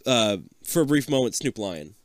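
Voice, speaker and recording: Man, lively animated voice, dry close sound, comedic book reading, swears casually. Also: moderate pace, dry recording. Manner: lively, swings into squeaky put-on voices for quotes. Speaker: reader and co-host. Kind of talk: comedic read-aloud of a choose-your-path book.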